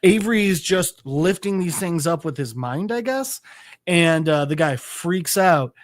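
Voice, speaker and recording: A man co-hosting a podcast, rambling through an episode recap with fillers and casual swearing. His voice sits a little high. The sound is dry and close, with no room echo. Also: expressive, unhurried. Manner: rambling, loose with fillers and profanity. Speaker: podcast co-host.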